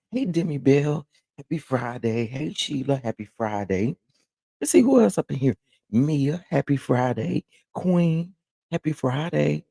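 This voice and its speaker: A man from Texas with a Southern accent, hosting a casual morning livestream, chatting and reading viewer comments with lively, laughing exclamations. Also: vocal fry, no room sound, studio quality. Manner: animated, laughing, jumps into high exclamations. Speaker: livestream host.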